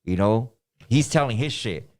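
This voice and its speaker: A man's voice: mid-range voice, lively intonation, normal speed. A man in casual chat, telling a story full of profanity and acted-out quotes.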